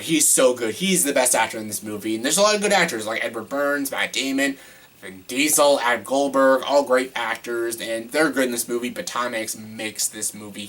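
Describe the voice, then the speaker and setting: A man's voice: mid-range voice, fairly bright tone. A man giving casual, enthusiastic commentary on a movie countdown, chatty and sometimes swearing. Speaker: movie reviewer.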